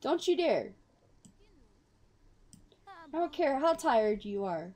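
A young woman chatting over a life-sim game, excitable, exclaiming and laughing at what happens on screen. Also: high voice, slow pace. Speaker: gaming YouTuber. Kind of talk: casual game commentary.

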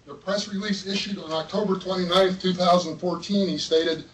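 High-voiced man testifying in echoey hall. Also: steady tone, fairly quick, a little hiss or hum. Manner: earnest, pointed, read-out statement. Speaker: public commenter. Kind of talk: public testimony at a board meeting. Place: public meeting room. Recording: roomy hall, mic far off.

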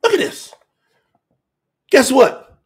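A man preaching a fiery telethon sermon, emphatic and repetitive, swinging from shouts to hushed asides, with Southern US dialect grammar. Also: slow.

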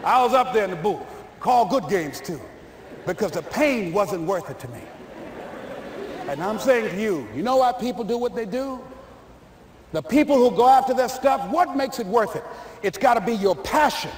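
High-voiced, animated male motivational speaker. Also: moderate pace. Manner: emphatic storyteller, repeats his points. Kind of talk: motivational speech. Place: large hall before an audience. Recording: echoey hall reverb, faint noise.

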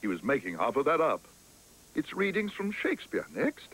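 A man's voice: on the high side, wildly swooping pitch, normal speed, fairly bright tone, breathy edge, pitched above the performer's own voice, heavily acted, low-quality recording. A man doing a dry, exasperated father.

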